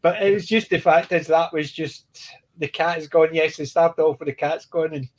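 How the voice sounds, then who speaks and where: Man, casual fan discussion, rambly, a bit higher-pitched than most. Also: steady tone, normal speed. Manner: rambling, restarts often, laughs while retelling jokes. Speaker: podcast co-host.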